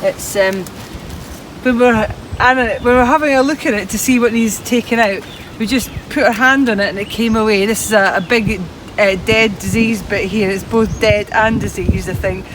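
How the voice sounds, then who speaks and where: A woman gardening presenter walks through a pruning job in an outdoor border in a chatty, practical way, talking as she works. Her voice sits at a middling pitch. Steady outdoor noise and passing traffic are clearly heard behind her. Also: moderate pace, rough recording. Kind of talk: hands-on gardening demonstration.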